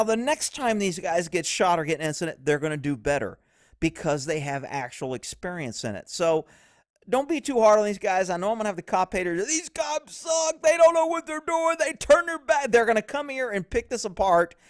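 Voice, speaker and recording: A man's voice: high voice, dry recording, studio quality. A man giving blunt, profane casual commentary on police footage. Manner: blunt, profane, laughs easily.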